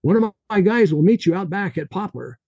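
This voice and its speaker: A man's voice: sits high, lively intonation, brisk, vocal fry, dark tone, husky, no room sound, pitched above the performer's own voice, exaggerated voice. A man voicing an urgent Russian man warning a friend by phone, with a heavy Russian accent and clipped broken English. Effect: heard over a phone line in the story.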